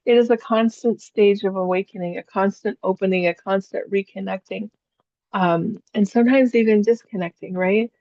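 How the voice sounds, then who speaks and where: A woman's voice: medium pitch, steady tone, moderate pace, darkish tone, dry recording. Chatty woman teaching, dull dry sound. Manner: chatty storyteller, laughs often. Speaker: psychic and spiritual teacher. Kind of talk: teaching an online class.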